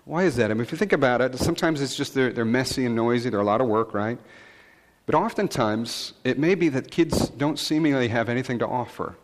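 A male pastor preaches a conversational sermon in a large hall, telling stories in a relaxed manner with frequent fillers and asides. His voice is medium in pitch and fairly quick.

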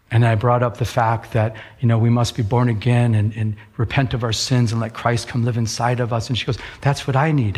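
Guy preaching, husky kinda breathy voice, earnest storytelling. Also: medium pitch, darkish tone. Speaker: pastor. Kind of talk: sermon with storytelling.

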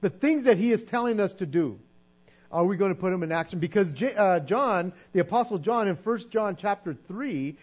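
High-voiced man preaching earnestly. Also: animated, moderate pace, breathy edge. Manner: earnest, conversational preaching with frequent repeated words. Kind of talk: sermon. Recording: dull lo-fi recording with mains hum.

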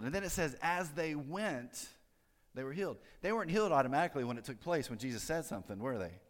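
A man's voice: fairly high pitch, animated, quick pace. Man preaching in a reverberant sanctuary. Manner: conversational preaching with frequent fillers and joking asides. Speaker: pastor. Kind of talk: sermon. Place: church sanctuary. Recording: long hall reverb.

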